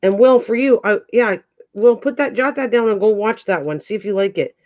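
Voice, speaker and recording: A woman's voice: a little fast, a little mellow. A woman hosting a casual live-stream chat with viewers, chatty and rambling. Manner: chatty, rambling, talks to her cats in a higher coaxing voice. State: out of breath.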